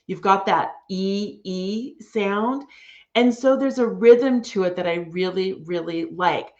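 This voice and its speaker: Woman, writing teacher, animated melodic voice, dull lo-fi recording. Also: mid-range voice, slow pace. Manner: chatty and enthusiastic, frequent um fillers. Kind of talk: casual online lesson. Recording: dull lo-fi sound.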